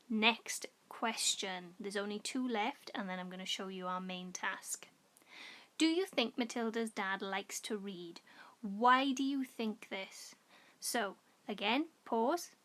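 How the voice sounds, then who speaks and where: A woman primary school teacher giving a recorded home-learning lesson, explaining patiently and clearly to children. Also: mid-range voice, fairly bright tone.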